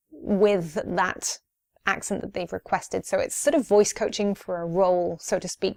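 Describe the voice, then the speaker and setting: A young woman from Wales with a soft lilt chats through a viewer Q&A from her home. She speaks easily at a middling pitch, with frequent ums and light laughs. Her voice sits close and dry, with no room echo. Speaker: YouTuber. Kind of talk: casual Q&A vlog.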